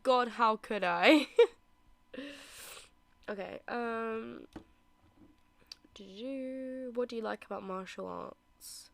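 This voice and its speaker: A woman's voice: a little high, slow pace, pauses often, no echo. A British woman chatting casually to her viewers while she plays a game, giggling often. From Britain. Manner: chatty and giggly, talks to chat. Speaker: streamer. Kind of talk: casual live-stream chat while gaming. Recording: clear background music. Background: music.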